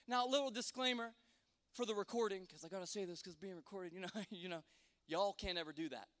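A man with a very high voice tells an animated, comic personal story to a listening audience. He rambles, stumbles over restarts and leans on fillers. Long reverb from a large hall trails every line. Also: a little fast.

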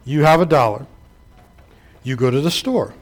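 A man's voice: mid-range voice, lively intonation, moderate pace. A male pastor delivering a sermon, preaching in a rhythmic, emphatic way and telling stories to make his point.

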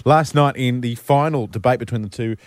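A man's voice: mid-range voice, brisk, dry recording, clean studio sound. A man co-hosting a radio show with an Australian accent, teasing his co-host in casual banter. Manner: wry, teasing.

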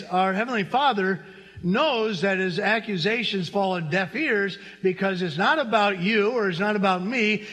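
A man's voice: sits high, fairly bright tone, big-room sound. A middle-aged man pastor preaching a sermon in a church, talking conversationally and turning to the congregation with asides. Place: church sanctuary.

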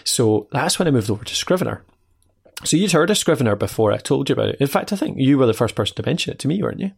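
Gravelly Scottish man in casual chat. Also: mid-range voice, sing-song, very fast. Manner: chatty, checks in with tag questions. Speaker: podcast co-host.

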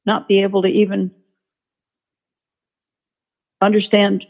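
A woman's voice: medium pitch, completely flat delivery, quick pace, creaky. A woman, an author on horsemanship, telling a story in an interview in a folksy, emphatic way. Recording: tinny phone-line sound.

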